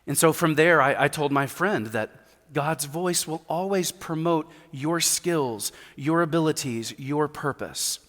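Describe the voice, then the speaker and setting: A male pastor delivers an emphatic sermon, repeating key lines and dropping in light humor. His voice sits slightly high for a man. It rings through a long reverberant church sanctuary. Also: measured pace, fairly bright tone.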